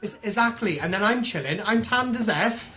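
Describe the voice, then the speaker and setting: A woman guest on a live stream, talking quickly and offhandedly with a sarcastic edge. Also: mid-range voice, expressive, sharp tone, breathy edge. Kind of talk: casual gossip chat.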